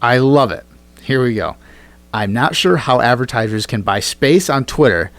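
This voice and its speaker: A man's voice: mid-range voice, animated, moderate pace, fairly bright tone, dry recording. Profane, jokey podcast man. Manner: profane, jokey, reads tweets aloud. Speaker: podcast co-host. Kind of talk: casual satirical podcast banter.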